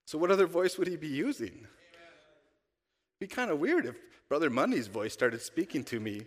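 A man's voice: fairly high pitch, sing-song, moderate pace. A male pastor giving a conversational sermon, asking the congregation rhetorical questions. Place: church sanctuary. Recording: long church-hall reverb.

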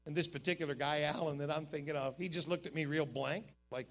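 A man pastor preaching a sermon at a camp meeting service. He is emphatic and swings from quiet asides to shouted climaxes. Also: a little high, a little fast, few pauses.

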